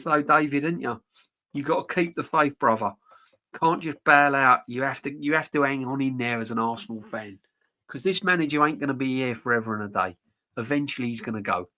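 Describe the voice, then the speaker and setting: Man, middle-aged, live-stream host, rambling and frank with restarts, mid pitch. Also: a bit bright. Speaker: football channel host reading live chat. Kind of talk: casual live-stream chat.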